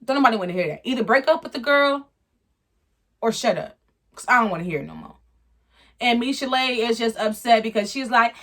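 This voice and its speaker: A woman's voice: on the high side, fairly quick, long pauses, fairly bright tone. A woman giving a blunt, slangy, opinionated recap of a reality show in casual commentary. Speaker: reality TV reviewer.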